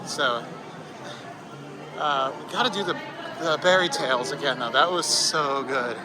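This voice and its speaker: A man from the northeastern United States vlogging outdoors at a theme park, excitable and whooping through a water ride. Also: a little high, unhurried, a crowd in the background. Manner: excitable, squeals and whoops on rides. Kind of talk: casual ride commentary. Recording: noisy outdoor park recording.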